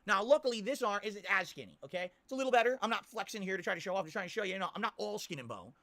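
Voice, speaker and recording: A man's voice: high voice, animated, very fast, sharp tone. A man ranting on a stream, complaining insistently and asking "okay?" again and again.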